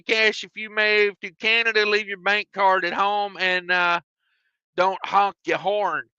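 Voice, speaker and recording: A man's voice: high-pitched, slow pace, pushed and bright, clean tone, no room sound, dull audio. A man, a trucker chatting on his live stream from his truck cab and reading out viewer comments with jokes. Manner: drawling, joking, self-mocking.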